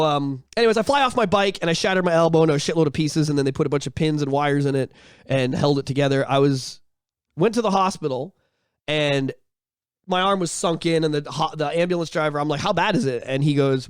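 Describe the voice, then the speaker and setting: Podcast co-host: man, thirties, rapid high delivery, crude storyteller, dry close sound. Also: clear, resonant tone, no room sound. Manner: animated, profane, breaks into shouted bits.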